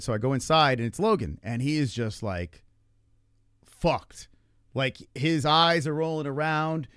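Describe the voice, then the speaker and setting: A man who is a father, telling a family story in a casual, animated way, full of swearing and acted-out quotes. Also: medium pitch, a little slow, smooth, no echo, clean studio sound. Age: adult parent. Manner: animated, profane, acts out quotes. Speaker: livestream host. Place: Arizona.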